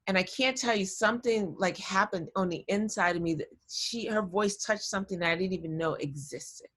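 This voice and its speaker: A woman tells a personal story to a class over a video call, animated and chatty, often drifting off on side notes. Her voice sits at a middle pitch, and the sound is the plain audio of a laptop call. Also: brisk, hardly any pauses. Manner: animated, chatty, easily sidetracked. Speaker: guest speaker.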